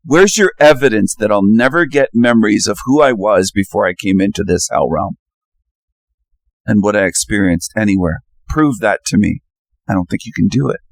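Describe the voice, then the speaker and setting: A man's voice: on the low side, lively intonation, normal speed, vocal fry, no echo. A man hosting his own channel, delivering an insistent solo monologue full of challenging rhetorical questions. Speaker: channel host.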